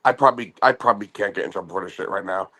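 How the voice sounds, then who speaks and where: A man's voice: on the low side, very fast, sharp tone. A man in his thirties telling a profane story, boastful and laughing, tripping over restarts. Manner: boastful, laughing, swears a lot, stammers on restarts.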